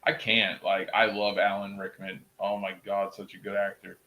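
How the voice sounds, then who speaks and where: A man's voice: on the low side, little pitch movement, moderate pace, noisy background. A man casually chatting with viewers on a livestream, joking around and laughing often. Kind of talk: casual live chat.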